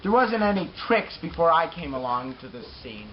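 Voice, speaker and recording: A man's voice: on the high side, very animated, normal speed, highs cut off, a little hiss or hum. A man playing a boastful, crude pro scooter rider in a mock interview comedy sketch, rambling and bragging.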